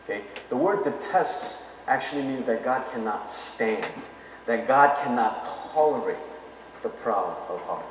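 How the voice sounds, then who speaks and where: A man's voice: fairly high pitch, a little hiss or hum. A man preaching a sermon in a conversational way, often checking in with his listeners. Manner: conversational, keeps asking "okay?". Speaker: pastor. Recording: echoey hall, mic from far off.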